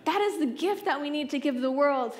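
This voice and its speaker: A woman in her thirties with a high, bright voice speaks from a conference stage, giving her testimony like a story. She acts out the people she quotes with lively little voices. A hall echo hangs around every word. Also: fairly quick. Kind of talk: personal testimony talk. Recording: echoey hall sound.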